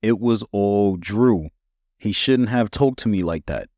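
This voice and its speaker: A man's voice: on the low side, a little slow, warm tone, dry recording, natural voice. A man voicing a hot-tempered little boy who blames his brother for a fight. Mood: defensive. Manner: defensive, blaming.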